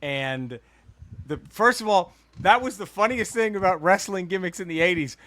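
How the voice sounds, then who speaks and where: Co-host, male, bright high voice, animated and profane storyteller. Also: moderate pace. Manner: animated, profane, laughs through stories. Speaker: podcast co-host. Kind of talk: casual storytelling.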